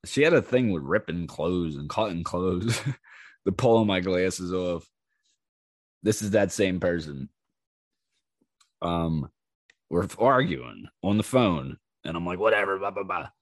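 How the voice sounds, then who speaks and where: A man hosting his own podcast, telling wild stories in a casual, animated way. He acts out the people in them with raised voices, swears freely and laughs as he goes. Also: deep voice, slow, long pauses, no echo, studio quality. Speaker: podcast host. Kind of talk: casual storytelling monologue.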